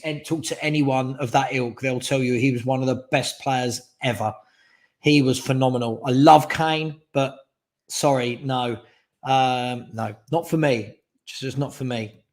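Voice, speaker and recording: A man's voice: medium pitch, fairly even intonation, normal speed, a little mellow. A man hosting a live fan stream, chatting casually and giving strong opinions while reading out viewer questions. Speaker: fan channel host.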